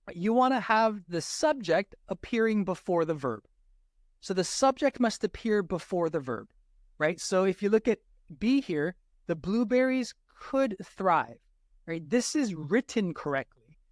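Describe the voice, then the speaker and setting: A man's voice: sits high, no room sound, clean studio sound. A man tutoring through a test-prep lesson, checking in with "right?" after most points and restarting words as he explains. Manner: says "right?" often, restarts mid-word. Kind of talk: walkthrough lesson.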